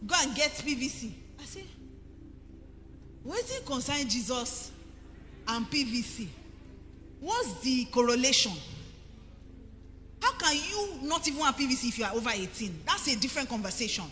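A high-voiced Nigerian woman pastor preaches with a bright, sharp edge and swings her pitch widely. Her emphatic delivery rings through a reverberant church hall. Faint music plays underneath. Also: sing-song, normal speed, pauses often. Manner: emphatic, rising to forceful preaching. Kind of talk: sermon.

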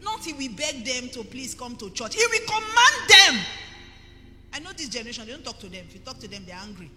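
A middle-aged Nigerian woman pastor preaching a sermon emphatically, building to forceful peaks. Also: fairly high pitch, lively intonation, fast talker. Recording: reverberant hall with faint music.

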